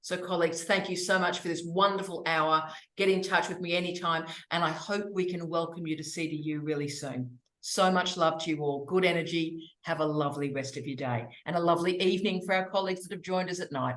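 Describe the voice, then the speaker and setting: An Australian woman hosting a university information session, talking in an effusive, affectionate, energetic way. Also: lowish voice, fairly quick, hardly any pauses, roomy sound. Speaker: university graduate studies host.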